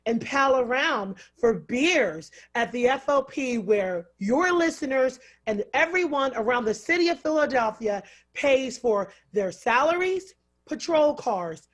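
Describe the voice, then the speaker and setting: A woman's voice: high voice, animated, measured pace. A woman political activist guesting on a radio talk show, assertive and dramatic, asking rhetorical questions. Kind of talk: radio interview.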